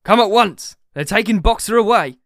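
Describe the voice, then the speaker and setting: A man voicing a grumpy old male donkey who shouts in alarm. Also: high-pitched, lively intonation, normal speed, no room sound, clean studio sound, voice pushed up. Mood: urgent.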